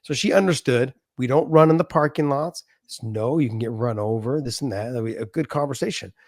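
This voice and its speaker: A middle-aged former fighter, appearing as a podcast guest, talks in a casual interview at a fairly quick clip and medium pitch. He explains his views earnestly with everyday examples, recorded dry and clean in a studio.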